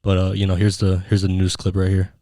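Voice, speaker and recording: A man's voice: deep voice, monotone, fast talker, mellow, no room sound. A man casually introducing video clips, hesitant with many fillers and restarts. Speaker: channel narrator.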